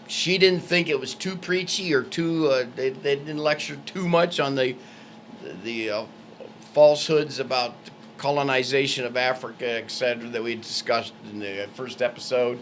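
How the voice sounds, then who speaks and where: A man's voice: mid-range voice, fairly bright tone. Hesitant middle-aged man, faint room noise. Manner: hesitant, stammers. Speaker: podcast co-host. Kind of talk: casual chat.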